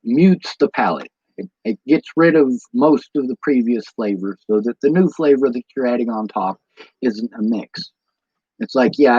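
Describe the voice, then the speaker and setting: Speaking in a medium-pitched, darkish, slightly rough voice, this Midwestern American streamer meanders through tangents and lots of ums while chatting casually with his viewers. He's worn out from lack of sleep, and the dry recording has dull lo-fi sound.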